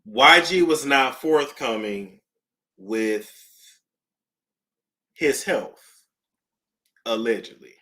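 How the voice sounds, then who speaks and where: A woman hosting a casual celebrity gossip talk, animated, with nervous laughter and dramatic gasps. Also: rumbling low, drawn-out words, long pauses.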